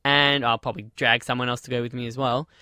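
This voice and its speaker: A man's voice: mid-range voice, little pitch movement, fast, pushed and bright, smooth, no echo. An Australian man interviewing a guest in a casual chat, laughing often and trailing off mid-sentence.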